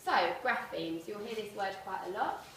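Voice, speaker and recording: Woman teacher presenting to parents, distant mic, heavy room echo, faint background noise. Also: medium pitch. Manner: clear, explanatory, spells out letters slowly. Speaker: primary school teacher. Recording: echoey room from far off.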